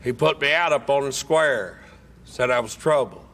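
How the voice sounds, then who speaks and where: Man, gravelly, bright tone, unhurried, deadpan humor. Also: medium pitch, a little hiss or hum. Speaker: speaker at a recovery meeting. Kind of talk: humorous personal storytelling.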